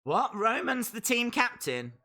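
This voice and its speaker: Speaking into a desk mic, a man streams live wrestling reactions, reading chat messages aloud and chatting with mock-outraged rants. His voice is very high-pitched, sing-song, and sharp, with an unhurried pace.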